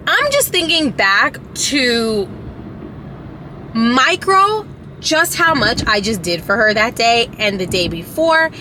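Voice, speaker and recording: A woman's voice: a little high, expressive, measured pace, background noise. A woman vlogger telling a storytime in casual chat, rambling with many fillers and restarts, candid and emotional, now and then profane.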